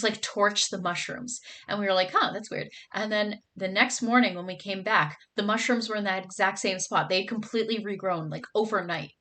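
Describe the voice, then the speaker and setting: Young woman streamer, casual chat with viewers, gushing and bubbly, mid pitch. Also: fairly bright tone. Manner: bubbly, gushing, lots of "like" and "oh my god".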